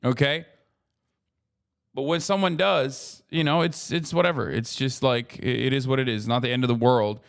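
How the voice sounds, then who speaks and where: A man's voice: medium pitch, moderate pace, vocal fry. A man in his thirties chatting casually on a live stream, rambling and swearing freely as he reacts to a video. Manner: profane, rambling, animated asides.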